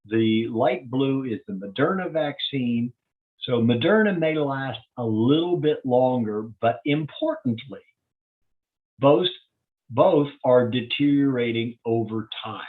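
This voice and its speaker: Physician explaining data over a tinny line. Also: male voice, medium pitch, lively intonation, slow pace. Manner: plain-spoken, explanatory, walking through data step by step. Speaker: physician giving a public health update. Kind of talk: presenting slides to a community.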